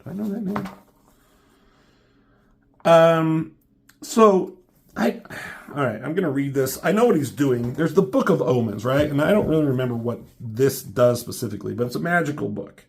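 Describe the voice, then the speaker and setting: A man casually reviews a comic book, rambling, joking and swearing freely. His voice has a gravelly fry and sits at an ordinary male pitch. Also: animated, moderate pace, darkish tone.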